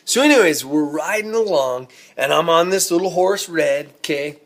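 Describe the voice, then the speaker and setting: A man, a rodeo cowboy, telling a ranch story in a folksy, animated, self-amused way. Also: fairly high pitch, moderate pace. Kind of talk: casual spoken storytelling.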